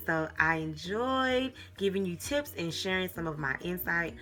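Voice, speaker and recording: A young woman giving casual parenting advice in a chatty, animated way, often repeating herself and laughing. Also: fairly low pitch, normal speed, creaky, few pauses, music in the background. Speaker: mom vlogger.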